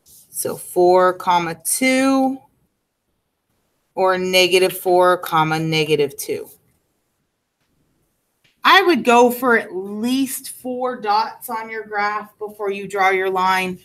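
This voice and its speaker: A woman's voice: medium pitch, takes it slowly, pauses often, fairly bright tone, low-quality recording. A woman teaching a math class in a classroom, explaining step by step and checking in with her students.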